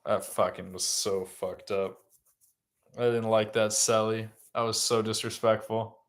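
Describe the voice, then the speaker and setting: A man giving casual live reactions while watching a basketball game, emotional and profane, swinging from quiet muttering to loud outbursts. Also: on the low side, flat delivery, unhurried. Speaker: livestream sports watcher.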